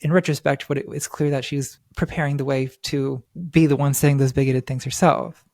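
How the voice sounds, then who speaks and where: A man's voice: mid-range voice, flat delivery, normal speed, darkish tone. A man co-hosting a casual discussion podcast, talking sardonically with lots of filler words. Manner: sardonic, filler-heavy talk with many "like"s.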